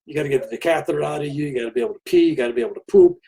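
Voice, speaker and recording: A man's voice: fairly high pitch, rapid-fire, vocal fry, breathy edge. An older man telling a story as an interview guest, acting out what other people said. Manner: animated storyteller who acts out other people's lines. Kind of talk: storytelling in conversation.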